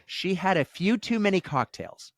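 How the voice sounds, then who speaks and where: A man's voice: high-pitched, moderate pace, dry recording, studio quality. A man co-hosting a podcast, telling a long story in a casual chat and acting out the voices of the people in it. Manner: animated storyteller, acts out quoted voices. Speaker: podcast co-host.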